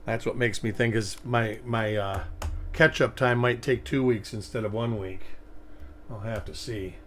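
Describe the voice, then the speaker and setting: Relaxed man hosting a coin livestream. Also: on the low side, unhurried, a little hiss or hum. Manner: relaxed, rambling, thinking aloud. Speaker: coin hunting livestream host. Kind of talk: casual live commentary.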